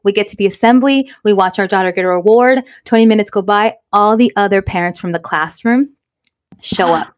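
A woman co-hosting a podcast, telling a story in an animated, emphatic way. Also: medium pitch, fairly quick. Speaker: podcast co-host. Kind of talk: casual storytelling chat.

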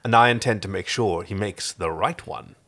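A man's voice: lowish voice, normal speed, a bit bright. A man voicing a cold, scheming male alien warlord in a fan fiction reading, with an earnest, declamatory delivery. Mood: solemn.

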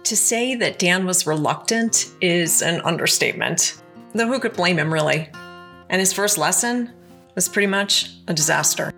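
A woman's voice: fairly low pitch, expressive, moderate pace, over music. A woman hosting a podcast, narrating scripted segments with asides to the listener. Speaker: podcast host.

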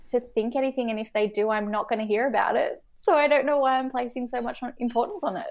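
A woman's voice: on the high side, fairly even intonation, fast talker, creaky. A woman talking candidly as a podcast guest, hesitant, with many fillers and restarts. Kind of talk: candid conversational reflection.

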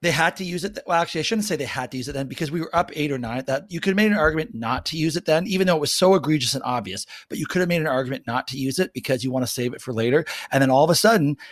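A man hosts a casual sports talk show, firing off points in quick, emphatic bursts. His voice sits a little high and runs fast. The sound is close and dry, with no room around it. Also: no echo. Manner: animated, emphatic, quick rants. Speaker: podcast host.

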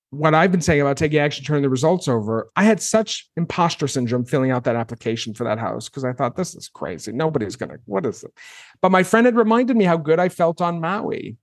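A man in his thirties, a guest on an interview podcast, telling his story in a casual, animated way and acting out his own past reactions. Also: a little high, normal speed, no room sound, clean studio sound.

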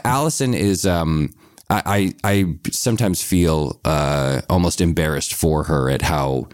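Deep-voiced man telling stories. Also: measured pace, clean tone, dry recording, clean studio sound. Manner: chatty storytelling with frequent restarts. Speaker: guest, TV writer and producer. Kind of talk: casual podcast conversation.

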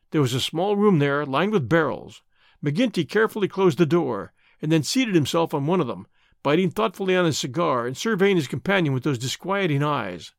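A male narrator tells the story in a measured, expressive way, with a lively, wide-ranging pitch. His voice sits fairly high, and the recording is dry and close with no room sound. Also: vocal fry, no echo. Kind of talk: scripted audiobook narration.

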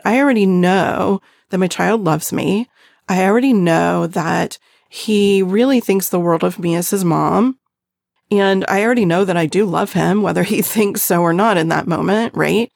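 A middle-aged woman talking gently and earnestly about parenting, often checking in with the listener by asking "right?". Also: fairly low pitch, creaky, no room sound, clean studio sound. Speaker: parenting podcast host. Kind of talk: reflective parenting talk.

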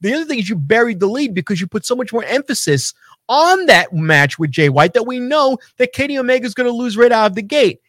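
A man with a notably high voice, rants about wrestling in a casual talk show, swearing freely and getting worked up. The sound is dry and close, with no room around it. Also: fast, no echo. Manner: animated, profane ranting. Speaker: podcast co-host.

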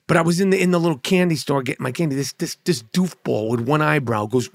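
A man's voice: on the high side, fast talker, gravelly, few pauses, no room sound, clean studio sound. A male comedian delivering a heated, profane sports rant, blunt and sarcastic, stumbling over repeated words.

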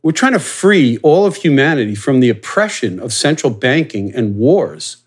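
A man's voice: medium pitch, sing-song, moderate pace, husky. Brief: insistent male podcast guest, emphatic and firm. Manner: emphatic, insistent, repeats his point. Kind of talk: impassioned argument.

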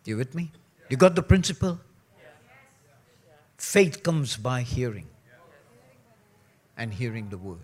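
A man preaching a sermon, joking and mimicking people, then dropping to a low, earnest tone. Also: big pitch swings, takes it slowly, pauses often. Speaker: pastor.

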